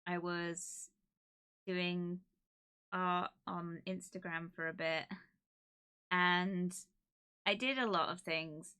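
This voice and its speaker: A woman streamer from the UK chatting casually to her live audience, emotional and laughing, with many pauses and fillers. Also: fairly low pitch, fairly even intonation, pushed and bright, clear, resonant tone. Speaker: streamer hosting an anniversary stream.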